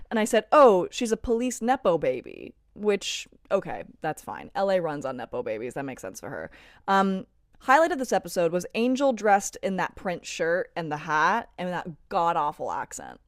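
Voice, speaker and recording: A woman's voice: on the low side, very animated, moderate pace, no room sound, studio quality. A woman in her thirties chatting casually in a video blog, gushing and emotional, filling her talk with "like" and "um". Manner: gushing and emotional, heavy use of "like" and "um". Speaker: vlogger reviewing TV episodes. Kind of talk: casual chat.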